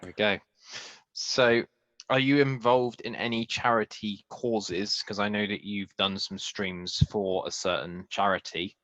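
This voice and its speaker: A man hosts a casual podcast interview, asking questions in a relaxed, easy way. His voice sits fairly low. He mostly gives short replies while his guest talks. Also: unhurried, dull audio. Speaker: podcast host.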